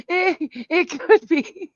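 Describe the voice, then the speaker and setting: A woman's voice: very high voice, no room sound. A woman hosting a casual reaction chat, giggly, profane and exclamatory. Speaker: host reacting to clips. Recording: dull, dry lo-fi sound.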